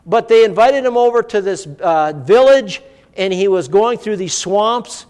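A man's voice: sits high, animated, a little slow, a little mellow, clear, resonant tone. A man preaching a sermon, telling a personal story in an earnest, vivid way. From United States. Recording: long hall reverb.

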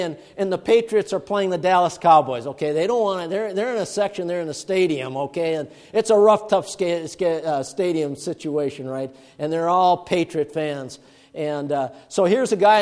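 Male preacher, a bit high-voiced, booming then hushed, in a reverberant church. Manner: swings from loud emphatic bursts to hushed murmurs. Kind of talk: sermon. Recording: long reverb of a large hall.

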